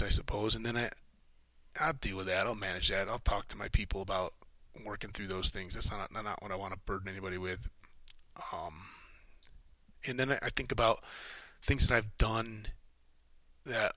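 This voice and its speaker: Middle-aged guy podcasting alone, gravelly and a bit husky, rambles n restarts, dry close mic. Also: lowish voice, sharp tone, no room sound, poor audio. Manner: rambling, halting, many restarts, swears casually. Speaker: podcast host. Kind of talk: solo reflective monologue.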